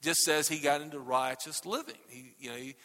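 A male pastor preaching a sermon to his congregation, animated and tagging "okay?" onto nearly every point. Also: fairly high pitch, brisk, long reverb tail. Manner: animated, repeats "okay?" constantly. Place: church sanctuary. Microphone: microphone.

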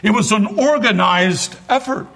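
A man's voice: high voice, measured pace, gravelly, fairly bright tone. A man preaching a sermon as pastor, driving points home with emphatic repetition and wry asides.

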